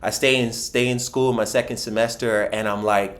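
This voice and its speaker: A man from Philadelphia, a podcast guest, telling a personal story in an animated way with frequent restarts and acted-out quotes. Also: fairly low pitch, moderate pace.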